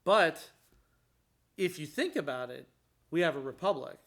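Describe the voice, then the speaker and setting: Animated man with many restarts. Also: a little high, normal speed. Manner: rambling with frequent restarts, rising emphasis. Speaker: guest describing his court hearing. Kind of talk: casual conversation.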